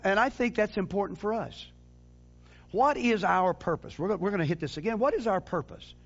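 Male preacher, high and very animated, emphatic delivery with repeats, dull lo-fi recording. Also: normal speed, creaky. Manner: lively, emphatic, with sudden drops to low quiet phrases; frequent repeated words and restarts. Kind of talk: sermon.

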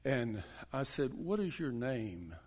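A pastor, a man, unspools a story from the pulpit at a very unhurried pace. His delivery is folksy and halting, with frequent restarts and quiet chuckles, at a medium pitch. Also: sing-song. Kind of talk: storytelling sermon.

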